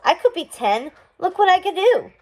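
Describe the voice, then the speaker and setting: A woman's voice: extremely high pitch, big pitch swings, normal speed, a little mellow, pitched above the performer's own voice. A woman voicing a cheeky, sneaky little brother in a storybook read-aloud.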